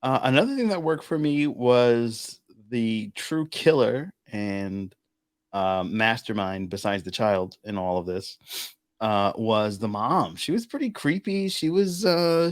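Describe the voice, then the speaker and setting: A man hosts a casual movie review chat, with an animated, swearing delivery. His pitch jumps around a lot. The sound is dry and close. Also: unhurried, no echo. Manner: animated, swears, laughs often. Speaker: host.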